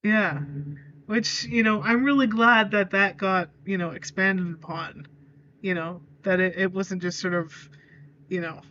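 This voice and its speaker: A woman's voice: mid-range voice, fairly even intonation, a little slow, bright, forceful tone, dull audio, a little hiss or hum. A woman chatting as a podcast guest, hesitant, with many fillers and small giggles. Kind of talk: casual chat.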